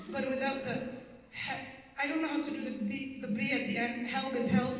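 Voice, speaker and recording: A woman's voice: high voice, measured pace, slight background noise. A woman in her fifties doing live stand-up storytelling, with a wry, punchy delivery full of wordplay. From Canada. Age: 50s. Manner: wry, punchy, plays with words and accents. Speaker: stand-up comedian. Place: community event hall. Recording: echoey hall from far off.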